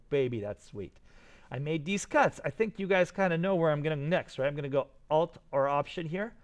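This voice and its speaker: A man teaching his students a software lesson while recording his screen, narrating each click with enthusiasm and asides. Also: a little high.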